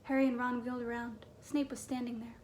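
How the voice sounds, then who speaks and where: High-voiced woman reading a storybook. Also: little pitch movement, fairly quick, darkish tone, a little hiss or hum. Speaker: audiobook narrator. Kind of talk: storybook narration.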